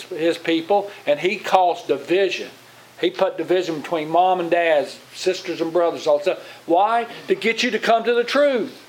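In a poorly recorded clip, a pastor with a high voice preaches a sermon in church. His style is plain-spoken and conversational, and he often puts questions to the congregation.

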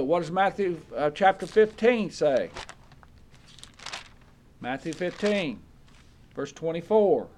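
A man's voice: on the high side, expressive, slow pace, pauses often, darkish tone. A man preaching a Bible study sermon, reading verses aloud and checking in with his listeners with "okay?".

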